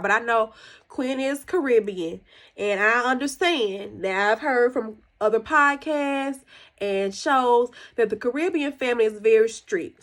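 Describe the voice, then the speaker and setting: Casting: woman podcast host, slightly higher voice, chatty solo TV recap, voices the characters when quoting them. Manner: chatty and conversational, recounting scenes with opinions; jumps higher when acting out quoted characters. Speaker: podcast host reviewing a TV episode. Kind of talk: casual solo review chat.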